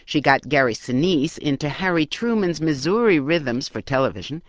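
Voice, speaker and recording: A woman's voice: deep voice, lively intonation, moderate pace, no echo. A woman radio correspondent interviewing a guest with curious, conversational questions.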